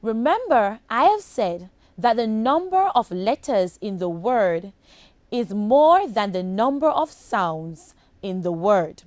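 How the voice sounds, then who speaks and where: A woman teaching a phonics lesson to children on broadcast television, speaking slowly and enunciating each sound with care. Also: medium pitch, sing-song, a little mellow, dry recording. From Jamaica. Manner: slow, deliberate, clearly enunciated.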